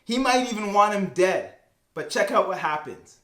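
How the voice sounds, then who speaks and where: A man's voice: sits high, lively intonation, normal speed, fairly bright tone. Man, youth pastor type, casual slangy storyteller, echoey room. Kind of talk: casual Bible lesson.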